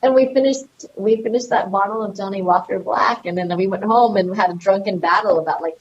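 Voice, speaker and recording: A woman's voice: mid-range voice, fairly quick, muffled recording, a little hiss or hum. A woman from the United States, a film director and podcast guest, telling stories animatedly, laughing, swearing and acting out other people's voices. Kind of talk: casual interview storytelling.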